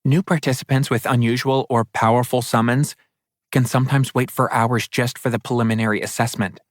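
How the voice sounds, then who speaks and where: A man voicing an earnest, practical young woman in an audiobook, explaining things briskly. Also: mid-range voice, steady tone, no room sound, studio quality, close to an everyday voice. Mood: urgent. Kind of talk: audiobook character voice.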